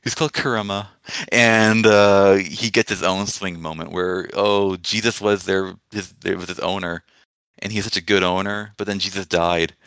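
A man's voice: low-pitched, fairly even intonation, normal speed, fairly bright tone, clean tone, dry recording. A man co-hosting a podcast, chatting casually in a rambling, sarcastic, profane way. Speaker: podcast co-host. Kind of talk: casual chat.

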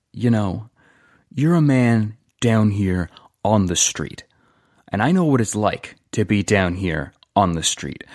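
A man's voice: on the low side, darkish tone, dry recording, studio quality. A man voicing an ambitious, ingratiating male street hustler who pleads earnestly for a break. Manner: pleading, earnest, repeats names.

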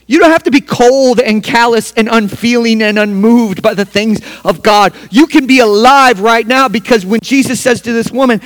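Fervent preacher, high voice, long reverb. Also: male voice, moderate pace, few pauses. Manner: emphatic, swinging from hushed to loud. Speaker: pastor. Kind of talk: sermon.

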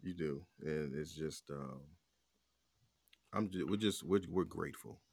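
A man with an extremely deep, gravelly voice talks about his family. He is soft-spoken and hesitant, with many fillers, and sounds close and dry. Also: measured pace, no room sound. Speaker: husband sharing the family's story. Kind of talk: casual conversation.

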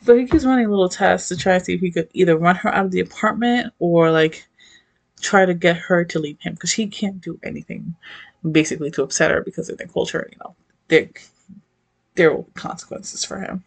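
A woman's voice: on the low side, brisk, vocal fry. A young woman casually recapping a story, chatty and laughing, swearing freely and saying "like" a lot.

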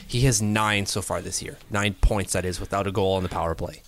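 A man chatting casually about sports, rambling and working through numbers out loud. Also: sits low, fairly even intonation, a little hiss or hum. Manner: rambling, doing quick mental math aloud.

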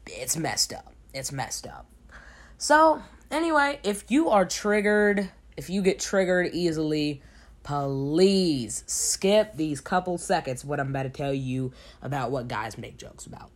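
A young man hosting a casual solo advice podcast late at night, sleepy, emphatic and repeating words for stress. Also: fairly high pitch. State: sleepy, recording at 3 a.m. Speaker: podcast host. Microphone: home podcast mic.

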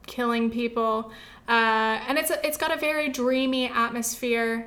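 A woman's voice: fairly high pitch, bright, forceful tone. A young woman casually reviewing films she watched for class, chatty and rambling, with lots of fillers and self-corrections. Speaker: film review podcaster. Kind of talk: casual film review chat.

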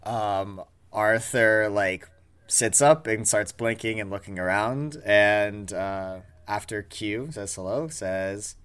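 A man playing a tabletop game, playful and animated. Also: lowish voice, slow pace, clean tone. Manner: animated, playful, laughs a lot. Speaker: player. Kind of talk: tabletop role-play.

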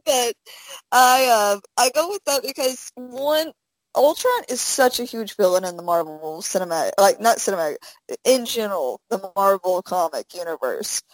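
A woman's voice: medium pitch, expressive, moderate pace, dry recording, low-quality recording. A young adult woman co-hosting a podcast in casual chat, rambling with fillers and laughing often. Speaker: podcast co-host.

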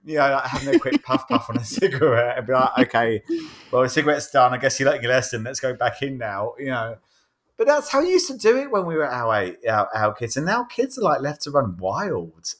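A British man chats his way through anecdotes on a podcast. He restarts sentences often and drops into quick character voices as he tells his stories. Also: medium pitch, big pitch swings, fairly bright tone. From England. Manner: chatty storyteller, slips into impressions, rambling restarts. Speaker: podcast host. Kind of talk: casual chat.

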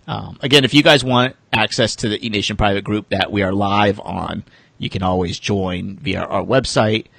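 Low gravelly podcast host. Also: male voice, fairly even intonation, moderate pace, a bit bright, no room sound. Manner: laughs often, tells crude jokes, trails off. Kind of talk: casual sports podcast banter.

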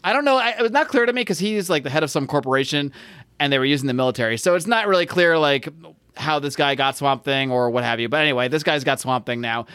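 A man's voice: a little high, animated, fast, fairly bright tone, smooth, no echo. A man co-hosting a podcast, recapping a comic book in a rambling, jokey way and often correcting himself mid-sentence. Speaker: podcast co-host. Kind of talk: casual comic book discussion.

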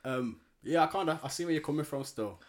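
Animated young man chatting. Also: fast talker. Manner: animated, slangy, acts out quotes in lower voice. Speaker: podcast co-host. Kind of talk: casual chat.

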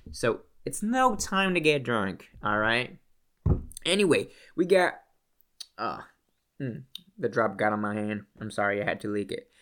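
A man in an easygoing chat, mid-pitched and casual. He rambles, trips over his words and restarts often, and tosses in a swear word here and there. He talks close to the mic. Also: fairly bright tone. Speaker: whiskey vlogger.

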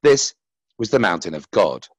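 A man reading a story aloud in an expressive, dramatic way, voicing its characters. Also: moderate pace, dry recording. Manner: dramatic, with wide swings of pitch and loudness.

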